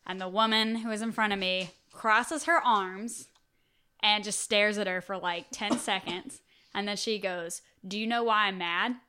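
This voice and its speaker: A young woman co-hosting a casual podcast, telling stories in a blunt, profane, animated way. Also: medium pitch, measured pace, a little hiss or hum. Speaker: podcast co-host. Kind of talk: casual chat.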